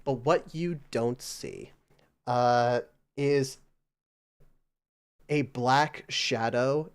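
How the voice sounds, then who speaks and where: Smooth-voiced man running a tabletop game. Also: mid-range voice. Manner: casual, many fillers, loose narration. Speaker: game master.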